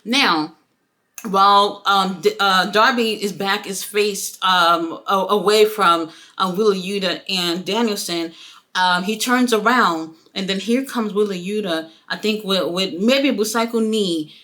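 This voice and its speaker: Woman, casual wrestling recap, bright voice, animated, swears a lot. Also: mid-range voice, measured pace. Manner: animated, profane, acts out quotes. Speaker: wrestling reviewer. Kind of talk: casual video review.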